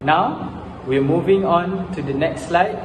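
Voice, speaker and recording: A young man giving a class presentation, reading out word lists in a steady, repetitive pattern. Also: fairly high pitch, measured pace. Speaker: student presenter. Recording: echoey hall with background noise.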